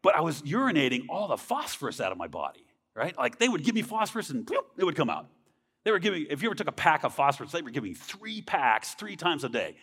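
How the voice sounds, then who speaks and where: A man's voice: a little high, sing-song, quick pace, a bit bright, husky. Earnest man testifying in a reverberant hall. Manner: earnest, conversational, frequent tag questions. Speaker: speaker sharing a testimony. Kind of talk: personal faith testimony.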